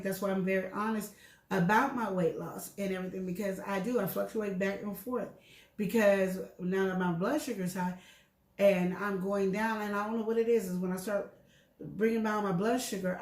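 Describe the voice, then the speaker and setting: A woman's voice: medium pitch, moderate pace, echoey room. A middle-aged woman co-hosting a show, chatting candidly about her health and telling stories with acted-out dialogue. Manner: candid, animated storyteller acting out dialogue. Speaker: show co-host. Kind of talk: casual health chat.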